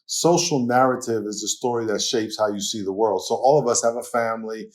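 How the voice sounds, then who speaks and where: A man with a New York accent, a pastor talking as a guest in a casual interview, telling lively stories and laughing often. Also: fairly low pitch, a little fast. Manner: animated storytelling, laughs often.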